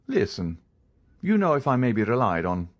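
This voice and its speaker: A man reading an audiobook, voicing a stern, contemptuous count disguised as a priest who speaks in measured, cold commands. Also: medium pitch, wildly swooping pitch.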